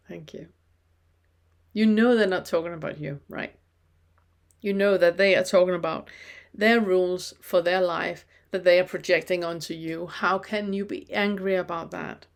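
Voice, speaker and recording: A woman giving a spoken spiritual lesson in a calm, reflective way, posing many rhetorical questions to the listener. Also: lowish voice, gravelly. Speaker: spiritual teacher.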